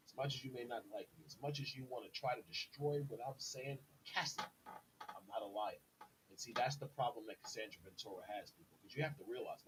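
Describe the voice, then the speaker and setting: A man's voice: medium pitch, slight background noise, poor audio. A man delivering an indignant, insistent monologue as a podcast host, repeatedly addressing his listeners as "people". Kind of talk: direct-to-camera monologue.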